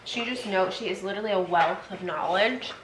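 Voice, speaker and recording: A woman's voice: medium pitch, brisk, background noise. Chatty twenty-something woman venting. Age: 20s. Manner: chatty, venting, filler-heavy with lots of "like" and "um". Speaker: nurse practitioner vlogger. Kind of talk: casual vlog chat.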